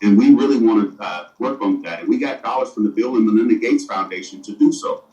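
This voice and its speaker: A man's voice: lowish voice, quick pace, dark tone, lo-fi sound, soft background music. A middle-aged man, a city mayor, answering interview questions earnestly and often stumbling over and repeating his words, recorded far from the mic in an echoey room.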